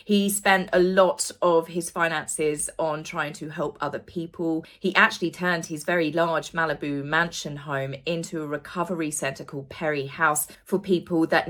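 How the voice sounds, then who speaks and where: A woman's voice: on the low side, a bit bright. A woman hosting a royal news channel in a chatty, gossipy manner, with tongue-in-cheek asides. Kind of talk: casual commentary vlog.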